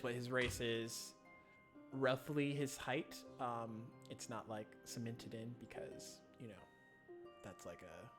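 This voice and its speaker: A man narrating a tabletop game as game master, slow and hesitant, with many fillers. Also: medium pitch, pushed and bright.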